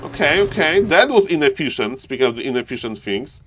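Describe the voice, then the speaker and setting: A man casting a live strategy game match on his stream, talking fast to chat and jumping into high-pitched shouts when big plays happen. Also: sing-song. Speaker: esports caster and streamer.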